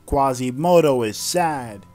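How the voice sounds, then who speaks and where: A man's voice: mid-range voice, expressive, slow, a little mellow. Slangy joking play-by-play man over music. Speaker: comedic sports-style commentator. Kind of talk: comedic play-by-play commentary over a film.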